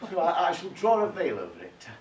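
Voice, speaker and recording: A man's voice: on the high side, huge pitch swings, fairly quick, a little mellow. A man doing a flustered, apologetic stand-up monologue, full of hesitations. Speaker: stand-up comedy performer. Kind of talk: stand-up sketch monologue to a live audience. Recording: echoey room, far from the mic, noisy. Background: audience laughter.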